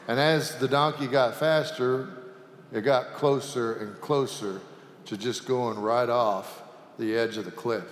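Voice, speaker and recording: A man's voice: mid-range voice, a little hiss or hum. A male pastor preaching a sermon in a church sanctuary, telling a folksy joke-filled story. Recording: echoey sanctuary with long reverb.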